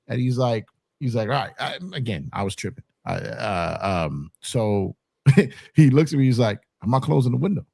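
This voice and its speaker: A man telling a profane, animated story in casual podcast talk. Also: medium pitch, moderate pace, gravelly, breathy edge, no echo, studio quality. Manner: animated, profane, acts out quotes. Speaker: podcast co-host.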